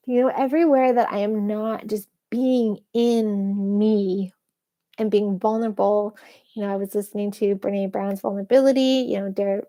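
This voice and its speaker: A woman's voice: medium pitch, a little mellow. Candid woman rambling in a personal vlog. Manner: rambling, candid, swears casually. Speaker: vlogger. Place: bedroom with an ocean view.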